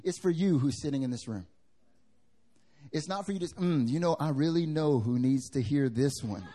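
A young man preaches from the pulpit in a fairly high voice. He swings from loud bursts to soft asides and drops into casual slang to address the congregation. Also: normal speed. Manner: lively preaching with wide swings in pitch and loudness, casual slang. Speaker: pastor. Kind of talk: sermon. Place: church hall with congregation.

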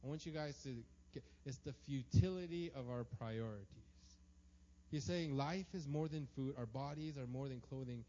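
A man's voice: medium pitch, normal speed, warm tone. Man preaching in an echoey hall. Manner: storytelling, conversational, keeps asking "right?". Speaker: pastor. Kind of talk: sermon. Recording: long hall reverb, dull lo-fi sound, faint hum.

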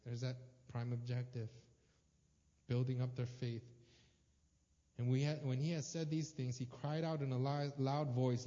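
A man preaching a sermon with emphatic, repetitive phrasing that swings between soft and loud. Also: medium pitch, level tone, unhurried, pauses often. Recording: dull sound with long hall reverb.

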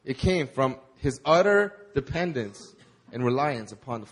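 A man preaching a sermon in a conversational, animated way, with casual fillers. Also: medium pitch, unhurried, breathy edge. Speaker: pastor.

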